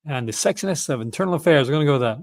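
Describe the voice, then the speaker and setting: A man's voice: on the high side, expressive, rapid-fire, gravelly. A man hosting a casual livestream, rambling enthusiastically and often correcting himself mid-sentence. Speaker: host.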